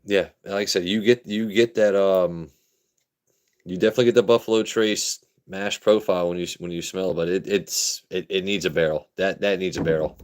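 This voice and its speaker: This young man from Maryland streams live, speaking low at a moderate clip. His talk is casual, animated, and full of swearing as he reads out chat and answers it.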